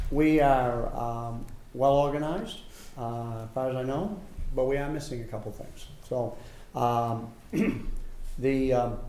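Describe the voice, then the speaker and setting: A man, a former town official, giving an informal report at a public meeting, halting with many fillers and restarts. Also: medium pitch, vocal fry, warm tone. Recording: echoey room, faint hum.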